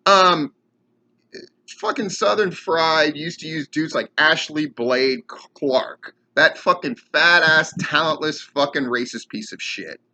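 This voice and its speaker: A man's voice: a little high, slow, sharp tone. A man hosting his own commentary show, ranting heatedly and sarcastically with lots of swearing. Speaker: podcast host and wrestling commentator. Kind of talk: profane rant commentary.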